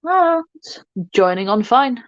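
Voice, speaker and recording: A woman's voice: on the high side, very animated, takes it slowly, dry recording. Woman, makeup livestream host, casual chatty tutorial talk, self-mocking, dull lo-fi sound, dry. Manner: chatty, self-mocking, talks to viewers while working.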